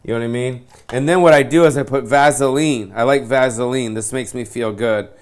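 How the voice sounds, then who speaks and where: A man's voice: mid-range voice, fairly even intonation, a little fast. A man doing a self-pitying comedic rant to camera, swearing constantly in slangy surfer-dude talk. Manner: profane, self-pitying, ranting.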